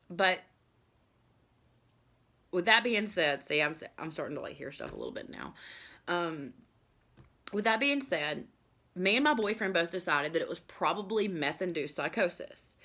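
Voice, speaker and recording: A woman's voice: mid-range voice, a bit bright. A woman vlogger telling a personal story in an earnest, confessional way, rambling and filling her talk with "like" and "you know". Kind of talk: candid personal storytelling to camera.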